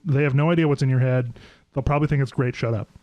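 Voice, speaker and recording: A man's voice: medium pitch, fairly even intonation, darkish tone, no room sound, highs cut off. Regular-voiced composer guy on a podcast, jokey, dry mic. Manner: joking, quick wordplay. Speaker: podcast co-host, music composer. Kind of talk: casual chat.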